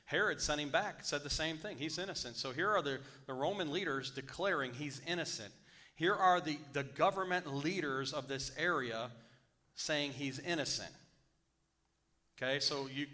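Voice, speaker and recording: A pastor reads scripture aloud and then preaches on it, his mid-range voice dropping to a hush before rising loud again. He repeats key phrases for emphasis.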